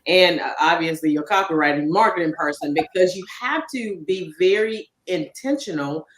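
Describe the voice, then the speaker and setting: A woman's voice: on the low side, moderate pace. A woman hosting a casual interview, chatting with frequent tag questions. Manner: conversational, tag questions like "right?". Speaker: podcast host. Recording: roomy echo.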